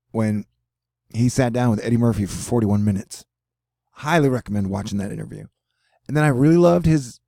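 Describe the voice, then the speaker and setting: A man's voice: mid-range voice, warm tone, dry recording, studio quality. A middle-aged man from the United States hosting a casual weather video, rambling and joking with lots of fillers. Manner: rambling, jokey, frequent fillers. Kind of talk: rambling casual vlog commentary.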